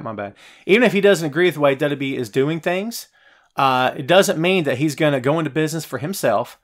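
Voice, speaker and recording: A man hosts a live wrestling talk show, his voice sitting a little high. He rants and argues with his viewers' comments, keeps asking whether they follow him, and sounds a bit winded from all the venting. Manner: animated, rhetorical, ranting to viewers. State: out of breath. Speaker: podcast host.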